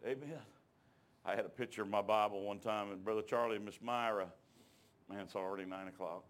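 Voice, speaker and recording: A man's voice: lowish voice, steady tone, brisk. A man preaching a sermon, telling his own testimony in a folksy, emphatic way and calling out to the congregation.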